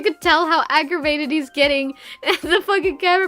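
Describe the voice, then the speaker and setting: Young woman streamer, slightly high voice, giggly and rambling, casual chat. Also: normal speed, fairly bright tone, faint music behind. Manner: giggly, rambling, many fillers.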